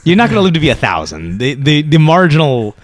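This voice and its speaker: A man in his thirties co-hosting a podcast, telling animated stories, swearing freely and acting out quotes. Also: on the high side, quick pace, no room sound. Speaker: podcast co-host. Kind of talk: casual chat.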